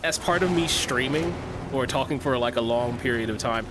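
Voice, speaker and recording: A man's voice: medium pitch, moderate pace, noisy background. A young man streaming a game, chatting casually, joking, swearing and laughing often. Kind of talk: casual livestream chat.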